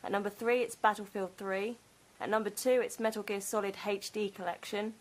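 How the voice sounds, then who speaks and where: Woman co-hosting, crisp and light. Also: medium pitch, steady tone, brisk, poor audio. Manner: reads lists crisply, light laughs. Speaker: podcast co-host. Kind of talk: casual chat.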